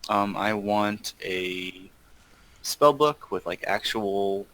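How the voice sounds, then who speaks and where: A man's voice: on the low side, slow pace, fairly bright tone, no echo, poor audio. A man playing a tabletop game, hesitant and playful, with lots of ums. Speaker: player. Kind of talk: casual tabletop play.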